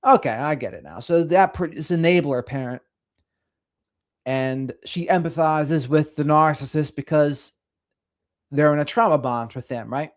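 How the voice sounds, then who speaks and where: A middle-aged man hosts a casual livestream, reading comments and chatting with viewers in a slightly higher register for a man. His delivery is unhurried, lively, and sing-songy.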